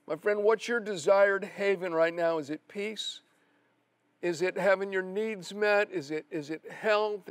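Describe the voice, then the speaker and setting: A middle-aged male pastor preaching a sermon earnestly, with slow, emphatic repetition. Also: high-pitched, a bit bright, no echo. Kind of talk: televised sermon.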